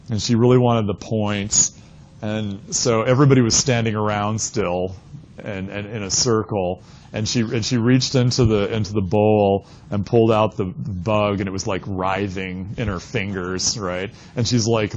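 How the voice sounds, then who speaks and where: A man lecturing an anthropology class. He tells a long anecdote in an animated way and often ends his statements with "right?". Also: mid-range voice, rough recording.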